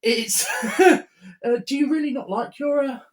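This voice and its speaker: A woman's voice: high-pitched, measured pace. A woman co-hosting a podcast in casual chat, making dry, wry quips. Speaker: podcast co-host.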